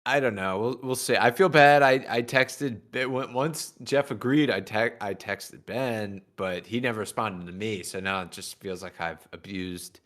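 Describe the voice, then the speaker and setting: A man's voice: fairly low pitch, moderate pace, few pauses, a bit bright. A man co-hosting a casual talk show, wry and self-deprecating. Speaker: co-host. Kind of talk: casual podcast chat.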